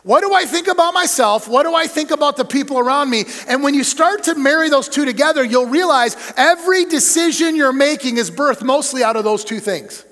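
A man's voice: very high voice, expressive, fairly quick, hardly any pauses, fairly bright tone. A middle-aged man, a church superintendent, preaching a leadership talk with emphatic, punchy delivery. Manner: emphatic preacher, punchy lists, acted-out anecdotes. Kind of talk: sermon-style leadership talk. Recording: long hall reverb.

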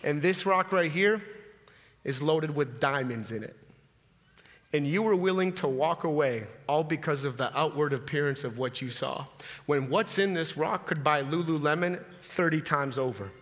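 A man voicing a middle-aged father who addresses his daughters deliberately. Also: fairly high pitch, a bit bright, in a large hall, voice pushed down. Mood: solemn. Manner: teasing, then grave and deliberate. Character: middle-aged father, jovial then solemn and wise.

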